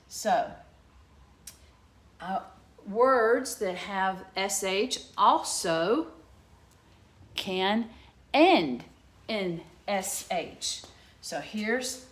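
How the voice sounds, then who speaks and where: Slow, patient woman teaching phonics. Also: mid-range voice, roomy sound. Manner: slow, clear, sounding out letters. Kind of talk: children's phonics lesson. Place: home room. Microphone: laptop camera.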